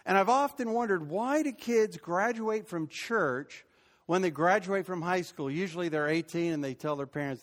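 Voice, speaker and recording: Older preacher, high voice, reverberant hall. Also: male voice, normal speed. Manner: conversational preaching with rising emphatic peaks. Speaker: pastor. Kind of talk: sermon.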